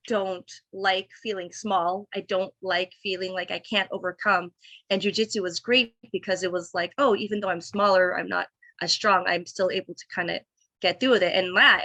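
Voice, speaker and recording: A woman in her thirties talks as a podcast guest in a loose, open conversation. Her voice has a bright, forward edge at an ordinary pitch. She rambles and restarts, piles up fillers, and slips into quoting her own past thoughts. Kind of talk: casual conversation.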